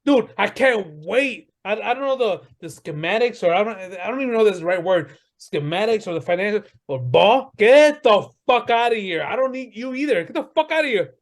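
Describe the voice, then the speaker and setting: A man's voice: high-pitched, expressive, a little fast, few pauses. A man co-hosting a casual sports podcast, ranting heatedly and swearing often. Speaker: podcast co-host.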